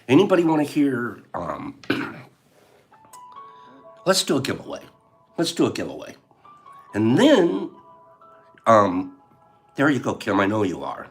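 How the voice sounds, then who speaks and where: A man's voice: medium pitch, sing-song, measured pace, long pauses, soft background music. An older man hosting a casual live chat, playful and joking, laughing often and reading out viewers' answers. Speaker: livestream host.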